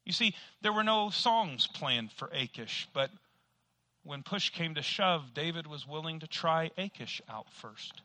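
A male pastor delivering a sermon in a high, very bright voice. He is emphatic and leans on rhetorical questions. The sound is close and dry. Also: animated, unhurried, no echo.

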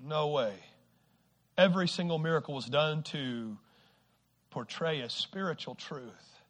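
A man preaching a sermon to a congregation, shifting from quiet, slow stretches to loud exhortation and stumbling over repeated words. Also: a little high. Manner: swings from hushed to shouting exhortation, repeats words; acts out quoted people with sudden shifts.

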